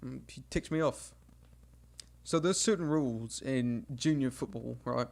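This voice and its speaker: A young game streamer casually recounts an embarrassing story from his childhood, laughing at himself and acting out what people said with lively energy. His medium-pitched voice moves at a measured pace and has a creaky texture.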